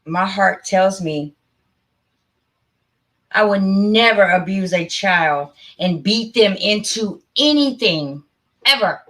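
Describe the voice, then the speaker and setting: A woman's voice: medium pitch, lively intonation, slow pace, pauses often, fairly bright tone. Emphatic, rambling woman streamer. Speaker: channel host. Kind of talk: casual live-stream talk.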